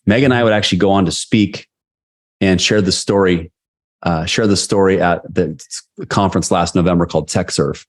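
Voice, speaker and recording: A man's voice: low voice, fairly even intonation, moderate pace. A middle-aged man, a sales leadership coach, telling candid stories in an interview with many restarts. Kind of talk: storytelling interview answers.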